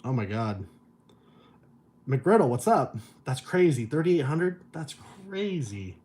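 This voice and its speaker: A man's voice: mid-range voice, lively intonation, a little slow, a little mellow. A middle-aged man chatting casually on a livestream, telling stories and reading viewer messages, loose and profane, chuckling often. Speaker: vlogger reading viewer chat.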